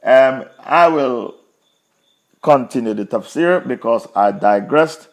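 A man's voice: medium pitch, expressive, slow. A man teaching a Quran commentary lesson, retelling a story with emphatic repetition.

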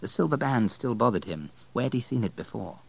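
A man narrating an audiobook in a calm, low storytelling manner. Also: fairly quick, vocal fry, husky, low-quality recording.

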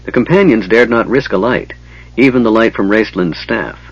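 A man narrating an audiobook in a steady, even reading. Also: on the low side, normal speed, husky, no room sound. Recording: dull lo-fi, dry.

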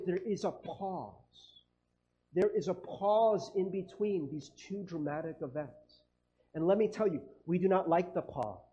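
A man with a high, mellow voice preaches a casual, chatty sermon, slipping into quoted voices as he talks. The sound is dull and lo-fi, like a church recording. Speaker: pastor. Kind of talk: conversational sermon.

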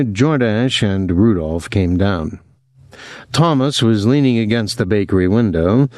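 A man narrating a novel chapter in a measured, steady reading. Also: fairly low pitch, no echo, clean studio sound. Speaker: audiobook narrator. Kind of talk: scripted narration.

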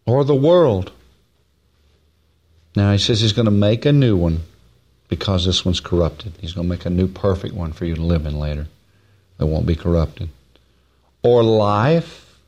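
A male preacher delivers a plainspoken, folksy sermon on Scripture. He leans hard on key phrases, drawing them out slowly. Between those raised, high-pitched stresses he drops into quiet, low asides. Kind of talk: folksy Bible-teaching sermon.

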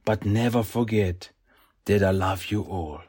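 A man reading as a gentle old rat sensei spirit. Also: lowish voice, measured pace, husky, pitched below the performer's own voice. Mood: tender. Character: wise elderly male rat sensei spirit, gentle and loving.

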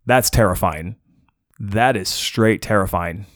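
A young man casually telling a personal story on a podcast, animated and self-mocking, acting out the people he quotes. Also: lowish voice, takes it slowly, dry recording, clean studio sound.

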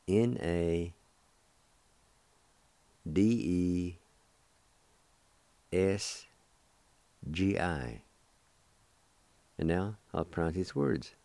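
A man with a very low voice teaches vocabulary at an unhurried pace, patiently spelling every letter and repeating each word. His tone is dark and mellow, and the recording is close and dry. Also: creaky, no room sound. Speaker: radio host teaching the language. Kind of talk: slow spelled-out language lesson.

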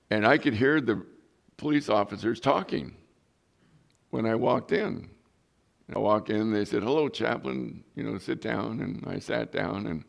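Middle-aged male pastor, low gravelly voice, earnest storytelling sermon. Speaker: pastor and police chaplain.

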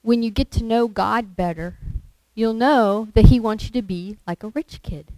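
A woman's voice: on the high side, normal speed, dark tone, no room sound, poor audio. A woman preaching a sermon in a conversational way, asking the listeners questions and acting out little quotes. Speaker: lay preacher.

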